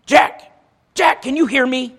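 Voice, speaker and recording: A man voicing God as a calm, patient voice speaking plainly and giving instructions. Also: very high voice, a little slow, pitched above the performer's own voice, full character voice.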